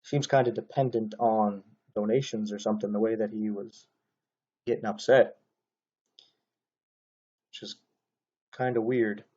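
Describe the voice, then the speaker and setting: A man's voice: on the low side, steady tone, unhurried, pauses often, a little mellow, breathy edge, lo-fi sound. A man talking casually into his own camera, commenting on another preacher's video in a rambling monologue full of fillers and restarts.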